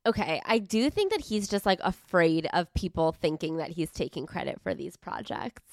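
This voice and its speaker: A woman's voice: on the low side, animated, normal speed, dry recording, studio quality. A young adult woman co-hosting a podcast, thoughtfully explaining motives in casual chat and reading book quotes aloud. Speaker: podcast co-host.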